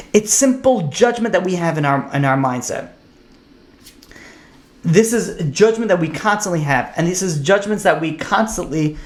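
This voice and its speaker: A man teaching a casual Torah class as a rabbi, talking in a loose, conversational way with lots of fillers and restarts, and getting emphatic on his questions. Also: high voice.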